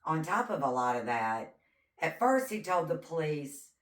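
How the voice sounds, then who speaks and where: Her voice sits low and her delivery is unhurried as she co-hosts a podcast, recounting a true crime story conversationally. She's a lively narrator who acts out the quotes, heard through a distant mic in an echoey room.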